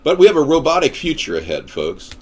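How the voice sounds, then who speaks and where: A man's voice: fairly high pitch, wildly swooping pitch, fast talker, darkish tone, breathy edge. A man delivering a ranting political monologue in a combative, sarcastic manner. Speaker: political commentator.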